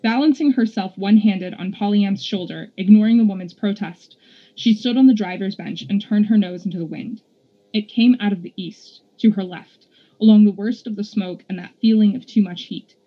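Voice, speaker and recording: A woman podcast host reading a storybook aloud with steady, measured narration. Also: mid-range voice, lo-fi sound.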